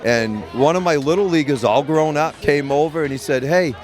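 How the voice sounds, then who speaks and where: A man's voice: fairly high pitch, brisk. A middle-aged man from Maine, a medical cannabis caregiver, telling his story in an interview in a blunt, profane, rambling way with many restarts. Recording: loud music under voice. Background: music.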